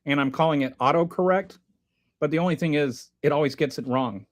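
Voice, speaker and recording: Rambling man with a higher voice. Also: a little fast. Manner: rambling, animated, with restarts and asides. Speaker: livestream host reading chat. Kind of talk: casual political commentary.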